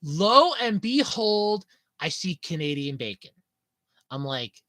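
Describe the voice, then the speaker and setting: Young woman, casual chat, giggly, very animated, bright tone. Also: fairly low pitch, slow, no room sound. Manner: giggly, animated storytelling with frequent laughs. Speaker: streamer chatting with viewers.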